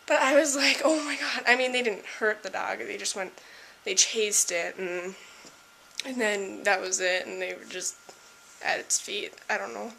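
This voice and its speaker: Bright-voiced young woman ranting. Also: medium pitch, normal speed, gravelly, slight background noise. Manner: ranting, laughing, embarrassed. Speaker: vlogger. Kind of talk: casual chat to camera. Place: at home indoors.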